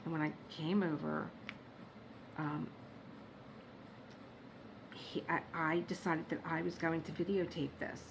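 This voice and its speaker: A woman vlogging from her home workspace, telling stories in a chatty, animated way and laughing at her own jokes. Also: low voice, a little slow, gravelly, long pauses, background noise. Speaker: diamond painting vlogger. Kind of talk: casual storytelling chat.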